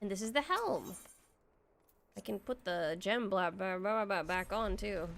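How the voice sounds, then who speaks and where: A young woman giving casual commentary while she plays an online game. She is excitable, swears freely and thinks aloud as she goes. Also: medium pitch, a little slow, gravelly, a little hiss or hum. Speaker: streamer playing an online game.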